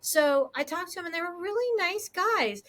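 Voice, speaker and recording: A woman with a high, bright voice that swoops up and down as she talks. She co-hosts a casual podcast and tells her stories with animated, self-mocking energy. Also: moderate pace. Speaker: podcast co-host. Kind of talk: casual chat.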